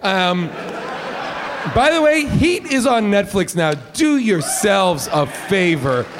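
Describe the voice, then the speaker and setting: An excitable, jokey man riffing on a movie with a high voice that leaps all over the place. He sounds like he's in a big echoing hall, with steady noise behind him. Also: takes it slowly, a crowd in the background. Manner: excitable, jokey, loud outbursts. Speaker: podcast co-host. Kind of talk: casual movie review chat.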